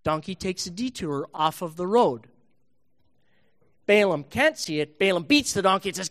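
A man, a pastor, telling a Bible story to children in a church service, playful and animated. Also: high voice, moderate pace.

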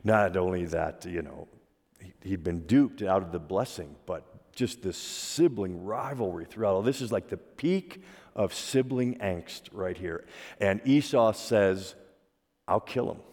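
A man's voice: low-pitched, measured pace, a little mellow. A man preaching a sermon, retelling a story conversationally and asking his listeners rhetorical questions. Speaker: pastor. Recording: long reverb of a large hall.

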